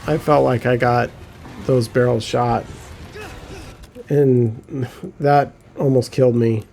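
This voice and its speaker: A man giving casual gameplay commentary, excitable, often laughing and swearing when he gets frustrated. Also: mid-range voice, slow, vocal fry, slight background noise. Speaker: gaming commentator.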